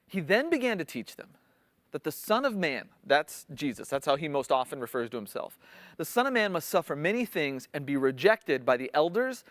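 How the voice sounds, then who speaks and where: A man's voice: a little high, a bit bright, dry recording. A man preaching a sermon in a conversational teaching style, explaining scripture and acting out the quotes with rising intensity. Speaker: pastor.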